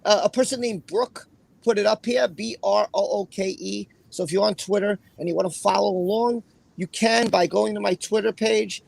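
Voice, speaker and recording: Raspy high-voiced man hosting a livestream. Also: fairly even intonation, normal speed, a little mellow. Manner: rambling, chatty, with fillers and repeated phrases. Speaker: livestream host. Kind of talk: casual livestream commentary, reading a court opinion aloud.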